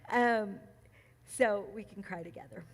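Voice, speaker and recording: A woman with a mid-range voice reads a passage at a church gathering in a meeting room and shares her reflections. She grows emotional, laughs readily, and fills her speech with ums and restarts.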